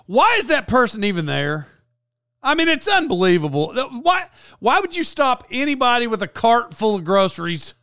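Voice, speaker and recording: A man with a high, smooth voice rambles through a casual vlog story, stopping for side notes and restarts. He sounds close to the mic in a dry room with no echo. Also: sing-song, moderate pace, sharp tone. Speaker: YouTuber.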